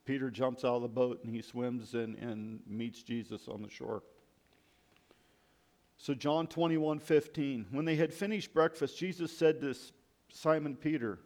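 A man's voice: mid-range voice, measured pace, a little mellow. Guy preaching a sermon, reads scripture out, pretty reflective, lifts his voice on the verses.

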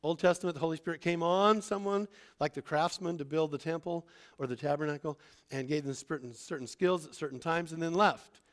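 A man with a slightly high voice gives a Bible lesson in a relaxed, conversational sermon. He asks the listeners questions and acts out the people in the story. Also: fairly quick. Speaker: Bible teacher. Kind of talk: informal sermon.

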